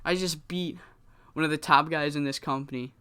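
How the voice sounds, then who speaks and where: A man's voice: fairly high pitch, fairly even intonation, normal speed, pushed and bright, clear, resonant tone. A man voicing a cocky male wrestler taunting the boss and the crowd. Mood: boastful. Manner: boastful, taunting.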